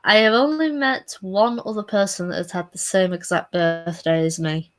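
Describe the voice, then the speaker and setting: A woman's voice: on the low side, fairly even intonation, moderate pace. A woman in her late twenties who laughs often while chatting casually in a voice chat. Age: 20s. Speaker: artist.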